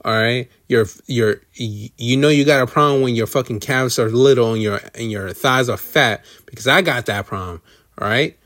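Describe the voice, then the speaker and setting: A man's voice: medium pitch, moderate pace, a bit bright, no echo, clean studio sound. A man hosting a solo podcast, rambling casually with lots of swearing and self-deprecating asides. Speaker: podcast host.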